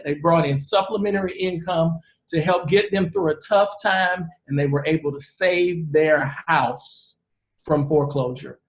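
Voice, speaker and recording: A man's voice: fairly high pitch, a little slow. Earnest man presenting in an echoey room. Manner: earnest, animated storyteller who acts out the people he quotes. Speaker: real estate investor and presenter. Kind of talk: live presentation with storytelling. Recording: roomy echo.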